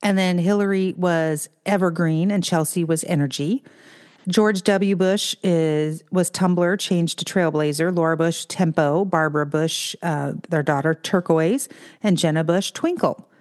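A woman co-hosting a casual chat over a remote call, talking in an animated, storytelling way. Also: lowish voice, a little slow. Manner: chatty, animated storytelling with put-on quote voices.

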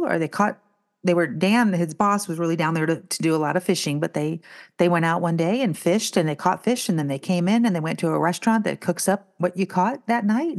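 Chatty woman, low-pitched. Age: middle-aged. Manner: chatty storyteller, animated when telling stories. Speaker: podcast co-host. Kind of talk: casual chat.

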